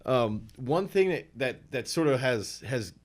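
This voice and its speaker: Man telling stories in a rambling, animated way. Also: mid-range voice, a little slow. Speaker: throws coach. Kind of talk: casual podcast interview.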